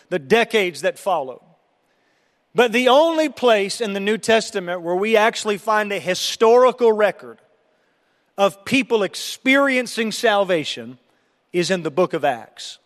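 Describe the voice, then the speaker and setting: A man's voice: high-pitched, a bit bright, long reverb tail. A man preaching a sermon as pastor, earnest and emphatic, often restarting his phrases. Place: church sanctuary.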